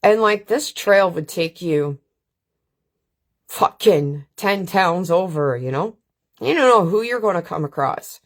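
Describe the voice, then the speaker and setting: A middle-aged woman from Canada, the host of the channel, tells casual, foul-mouthed, blunt stories on a live stream, her voice low-ish with lively intonation. She doesn't rush and often slips in filler questions, recorded through a webcam or phone.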